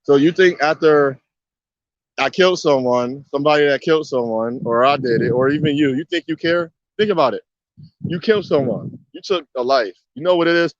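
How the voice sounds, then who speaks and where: Male monologuist, slightly high voice, emphatic and repetitive, heavy on rhetorical questions; muffled lo-fi capture. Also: fairly quick, no room sound. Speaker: video commentator. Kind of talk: casual spoken monologue. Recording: dull, muffled dry recording.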